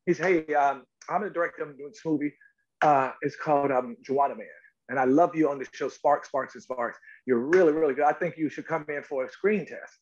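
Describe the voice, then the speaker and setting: A middle-aged man with a high-pitched voice tells stories as a talk show guest. He is lively and emphatic and puts on voices for the people he quotes. The audio is a little dull and lo-fi. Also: brisk. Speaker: actor guest. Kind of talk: animated interview storytelling.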